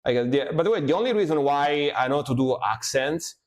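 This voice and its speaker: A man's voice: on the high side, animated, brisk. Chatty man reacting to metal. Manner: chatty, laughs often, repeats phrases. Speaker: music reaction streamer. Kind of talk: casual live reaction chat.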